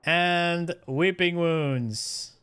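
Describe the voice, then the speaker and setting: A man's voice: a little high, drawn-out words, fairly bright tone, clean tone. A man streaming a game, chatting casually with his viewers in a rambling, self-mocking way. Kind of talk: casual game livestream chat.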